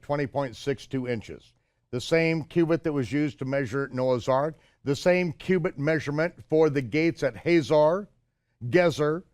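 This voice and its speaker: An older man recounts his own adventure with lively storytelling energy, his voice sitting a little high for a man. He jumps into the shouted exchanges, pushing his voice higher. The recording is dry and close, with little room sound. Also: clear, resonant tone, no room sound. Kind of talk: anecdotal storytelling.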